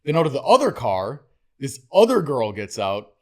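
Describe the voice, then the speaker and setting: A man hosting a casual podcast chat, with a lively, joking storytelling manner. He curses freely and slips into quick acted voices when quoting people. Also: mid-range voice. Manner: animated, jokey, swears, acts out quoted voices. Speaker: podcast host.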